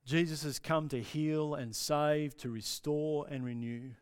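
Impassioned male pastor with a clear voice. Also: fairly high pitch, steady tone. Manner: impassioned, with dramatic pauses and drops to near-whisper. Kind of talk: sermon.

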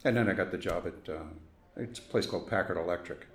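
A man's voice: low voice, fast talker, echoey room. Older Brooklyn-raised man telling stories. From Brooklyn, New York. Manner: storytelling, acts out quoted voices, chuckles. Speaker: interviewee. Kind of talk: oral history interview.

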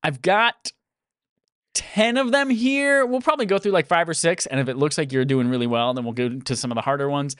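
Seorang pria membawakan kuis dalam obrolan podcast santai, sering tertawa dengan gaya yang hidup. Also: male voice, fairly high pitch, fairly quick, clear, resonant tone, no echo, studio quality. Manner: lively, laughs often, animated delivery. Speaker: podcast host. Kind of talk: casual podcast chat, running a quiz game.

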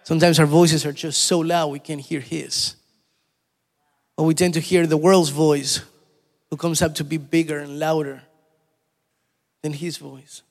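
A man's voice: on the high side, gravelly, in a large hall. A man preaching a sermon, repeating his points with emphasis and asking his listeners questions. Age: adult.

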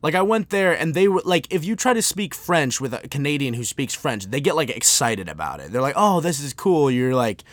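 An American man hosting a podcast, ranting off the cuff in an animated, sarcastic way, full of restarts. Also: mid-range voice, brisk, hardly any pauses, no echo. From United States. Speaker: podcast host. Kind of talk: unscripted comedic rant.

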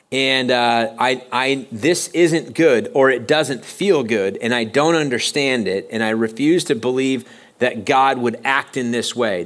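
A male pastor delivers a sermon in a church in a mid-pitched voice. He talks conversationally rather than formally, often halting and restarting his sentences as he works through his thoughts. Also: fairly bright tone. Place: church sanctuary.

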